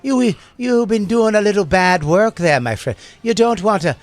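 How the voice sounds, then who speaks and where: A cocky leprechaun vigilante with a put-on Irish accent, loud and pitched well up, bouncing with mock menace, as a man puts him on in a podcast bit. The voice swings high and pushes hard. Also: expressive, normal speed. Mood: menacing, jolly.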